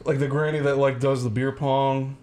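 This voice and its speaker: A man's voice: medium pitch, level tone, normal speed, darkish tone. Rambling, hesitant man as podcast guest. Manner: rambling, hesitant, many fillers. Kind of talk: casual chat.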